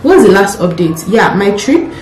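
A woman's voice: medium pitch, very animated, normal speed, a little mellow, echoey room, slight background noise. A young woman, a doctor, chatting casually to camera about an upcoming exam, nervous and repeating herself. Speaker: doctor vlogging exam prep. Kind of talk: casual vlog talk to camera.

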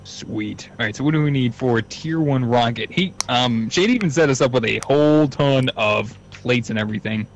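Joining a let's play, a relaxed man banters about the game, frequently laughing and saying um. His medium-pitched voice carries vocal fry at normal speed with few pauses, with slight background noise on a slightly dull lo-fi mic.

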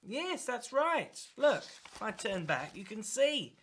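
A man hosting a children's show, reading a picture book aloud in a slow, playful sing-song with sound effects. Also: very high-pitched, big pitch swings, fairly bright tone, a little hiss or hum. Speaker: children's storyteller host.

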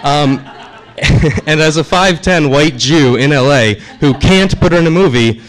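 A man's voice: fairly high pitch, unhurried. A young man performing a stand-up set on a comedy club stage, chatty and self-deprecating with the crowd. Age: young adult.

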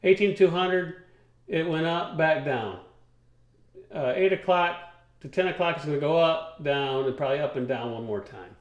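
Folksy trucking talk-show man, higher voice. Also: normal speed, echoey room, muffled recording. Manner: rambling, folksy, explains charts step by step. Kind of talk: casual radio talk show chat.

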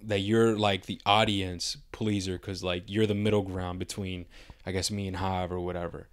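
Low-voiced young man, casual slangy storytelling. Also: level tone, moderate pace, clean tone, no room sound. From Mexican-American. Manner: loose, rambling storytelling with heavy slang and swearing. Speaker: podcast co-host. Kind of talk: casual podcast chat.

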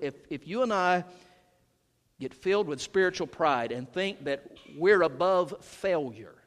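A male senior pastor preaching with force, rising to shouts and then dropping to hushed, low lines. His voice sits high for a man. The sound rings through a large, reverberant church sanctuary. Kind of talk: sermon. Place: church sanctuary during a worship service.

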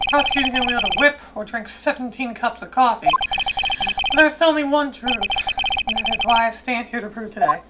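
A woman's voice: a little high, normal speed, very noisy, close to an everyday voice. A woman voicing a stern, arrogant young female prosecutor in a video game, speaking in a cold, clipped and scornful way. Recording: distant mic with loud game music.

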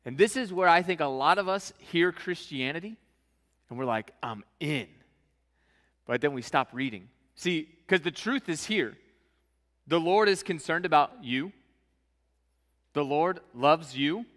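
Man, preacher, casual sermon, bright forceful voice, slightly high, long hall reverb. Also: expressive, measured pace. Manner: casual, conversational, acts out scenes in slang.

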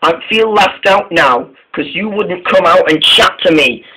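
A man voicing a worried male engine who keeps begging his friend to talk, in a raised pitch with a halting, repetitive delivery. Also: animated, sharp tone, breathy edge, full character voice, rough recording. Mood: cross. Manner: pleading, repeats himself.

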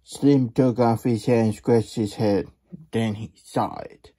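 A man's voice: lowish voice, steady tone, slow, mellow, breathy edge. A man hosting a casual storybook reading, with playful cowboy-persona banter and rambling asides. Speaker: children's book reader.

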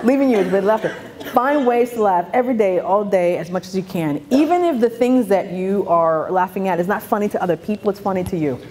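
Animated woman comedian on stage. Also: medium pitch, brisk, background noise. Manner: animated, laughs often, acts out family voices. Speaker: comedian and keynote speaker. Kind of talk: stand-up storytelling to a live audience. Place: event stage before a live audience.

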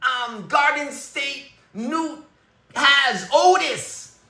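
Woman doing a high, bright, boastful male reptile, taunting, echoey room. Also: extremely slow, exaggerated voice. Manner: bragging, taunting, shouting insults. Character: boastful arrogant male reptile pet, insulting.

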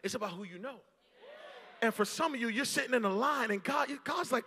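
A man from Boston preaches a sermon with a strikingly high, piercing, bright voice. He moves between hushed storytelling and fired-up shouting. His words ring out with a long reverb tail through a church hall. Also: brisk, slightly rough. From Boston, United States. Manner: preaching, swings from low storytelling to shouted exhortation. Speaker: pastor. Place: church auditorium.

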